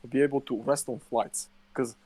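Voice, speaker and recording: A man's voice: medium pitch, steady tone, normal speed, mellow, slightly rough, dry recording. Foul-mouthed young man telling stories. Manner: swears constantly, emphatic storytelling. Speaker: podcast co-host. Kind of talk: casual chat.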